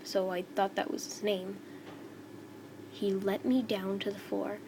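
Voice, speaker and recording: A woman reading a first-person fan story aloud in a slow, halting way over a noisy home recording. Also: mid-range voice, flat delivery.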